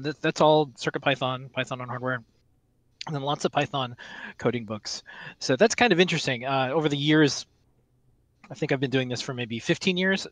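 A man's voice: mid-range voice, fairly bright tone, no room sound, low-quality recording. A man co-hosting an online meeting, chatting through community news in a rambling way. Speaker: co-host. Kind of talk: casual community news chat.

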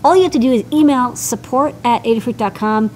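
A woman's voice: on the high side, quick pace, a little mellow, a little hiss or hum, poor audio. Bubbly, playful woman co-hosting a stream. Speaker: co-host. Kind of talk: casual live-stream chat.

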